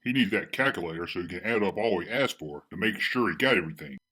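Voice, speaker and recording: A man co-hosts a relaxed podcast, chiming in with dry, wisecracking quips. His voice sits on the low side. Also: fast talker, husky. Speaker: podcast co-host. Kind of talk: casual chat.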